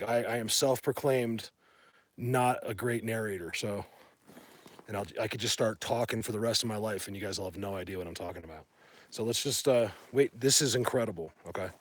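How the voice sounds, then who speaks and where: A man livestreaming from a phone in a mountain wilderness, chatting to viewers in a rambling, excitable way as a bigfoot hunter. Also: mid-range voice, no echo. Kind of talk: casual live stream chat. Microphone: phone held by hand.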